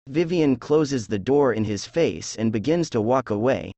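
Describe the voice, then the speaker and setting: A man reading a drama transcript aloud, announcing character names and stage directions in a flat manner. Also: mid-range voice, unhurried, no echo. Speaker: script reader.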